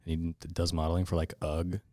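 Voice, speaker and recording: A young man with a very deep, low voice, chatting laid-back on a podcast. The sound is close and dry, with no room echo. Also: completely flat delivery, quick pace, mellow. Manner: laid-back, slangy banter. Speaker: podcast co-host. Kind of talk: casual chat.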